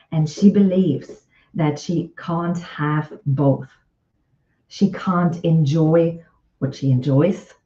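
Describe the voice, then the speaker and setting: A woman speaking slowly and thoughtfully as a relationship coach, circling back over her points. Her voice is mellow, with a middle pitch. The recording rings with room echo and sounds a little dull and lo-fi. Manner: reflective storytelling, often repeats phrases. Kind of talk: live online talk with client anecdotes.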